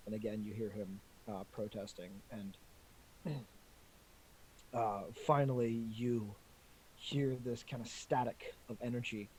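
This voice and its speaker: Dude running a tabletop game, steady storytelling, little pauses here and there. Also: male voice, lowish voice, slightly rough, rough recording. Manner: measured storytelling with small hesitations. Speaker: game master.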